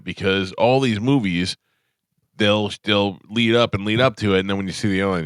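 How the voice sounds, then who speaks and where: Deep-voiced radio host rambling through stories. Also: male voice, moderate pace, smooth, no echo, clean studio sound. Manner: rambling storyteller, trails off with fillers. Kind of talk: casual studio banter. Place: radio studio. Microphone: studio microphone.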